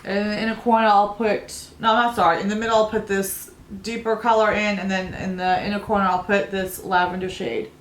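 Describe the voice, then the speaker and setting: A woman in her thirties talks her way through a makeup tutorial, wandering off into chatty family stories and laughing at them. Her voice sits at an ordinary middle pitch, and it rings a little in an echoey room. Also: level tone, brisk, a little hiss or hum. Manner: rambling, storytelling, laughs at own stories. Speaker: beauty vlogger.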